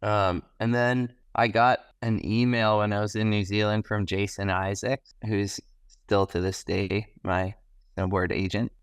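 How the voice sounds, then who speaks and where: A man's voice: fairly low pitch, measured pace, smooth, dry recording. A young man from Canada, a podcast guest, telling stories in an enthusiastic, slangy way and acting out what people said. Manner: enthusiastic, animated, slangy, acts out quotes. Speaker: podcast guest, pro snowboarder. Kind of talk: casual podcast storytelling.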